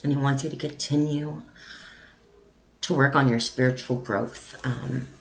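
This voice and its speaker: A woman psychic medium giving a live-streamed reading in a soft, halting delivery with frequent pauses and ums. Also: a bass voice, fairly even intonation, creaky, slight background noise, poor audio.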